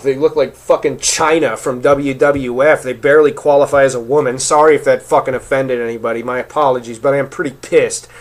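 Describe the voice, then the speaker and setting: A man delivering an angry, profanity-heavy rant to his camera, swearing constantly and stumbling over repeated words when worked up. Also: medium pitch. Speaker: vlogger.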